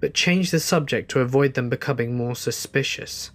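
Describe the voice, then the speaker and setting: A man's voice: mid-range voice, moderate pace, a bit bright. Man narrating a horror story.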